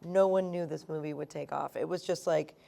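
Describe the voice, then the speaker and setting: A woman's voice: deep voice, steady tone, brisk, gravelly, dark tone. A woman screenwriter telling stories at a live cinema event, enthusiastic and laughing often. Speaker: screenwriter guest. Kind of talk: animated conversational interview.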